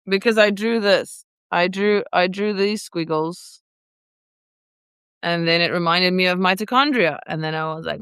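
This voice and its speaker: Chatty woman vlogger, playful and rambling, smooth clear voice, dry close sound. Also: lowish voice, a little slow, a bit bright, dry recording. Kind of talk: casual chat, reading viewer comments.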